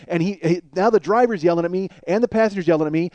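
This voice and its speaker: A man in his forties, a comedian host, telling a long story in a blunt, profane, animated way. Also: sits high, very fast, few pauses, no echo, highs cut off. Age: 40s.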